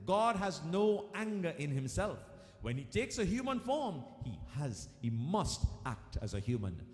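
A man leads a devotional talk in a high, lively voice that rises and falls a great deal. He tells a scripture story to his devotees and repeats his main points. The recording sounds roomy, with a long reverb trailing each phrase. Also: measured pace. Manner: storytelling, repeats key lines for emphasis; addresses listeners as devotees. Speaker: spiritual speaker. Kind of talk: devotional discourse. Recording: echoey room with long reverb.

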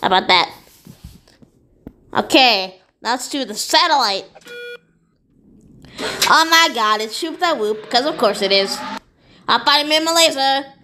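A woman voicing SpongeBob, an excitable and goofy cartoon sea sponge, playing a video game and chattering to viewers. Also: high-pitched, measured pace, pauses often, slight background noise, full character voice. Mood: excited.

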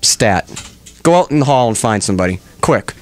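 A man's voice: on the low side, lively intonation, a little fast, no echo. A man hosting a comedic radio show on a studio microphone, ranting in mock-melodramatic exasperation.

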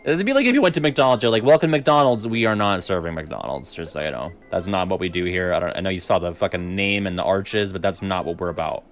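A man's voice: low voice, fast talker, hardly any pauses, faint music behind. A man streaming video games, talking through the play in a casual, profane way and often laughing at himself. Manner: animated, profane, laughs often, self-deprecating. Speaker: game streamer. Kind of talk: casual gameplay commentary.

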